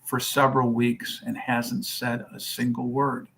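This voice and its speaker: A man's voice: medium pitch, monotone, unhurried, gravelly, fairly bright tone. A man who founded a children's charity, telling a long story in an interview and acting out each person's lines. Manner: storytelling, acts out dialogue.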